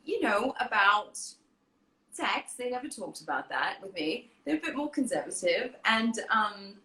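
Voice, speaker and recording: Woman host chatting, earnest and laughy, crisp bright tone. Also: mid-range voice, sing-song, measured pace. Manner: warm, earnest and laughing while telling stories. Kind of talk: casual chat. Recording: roomy echo.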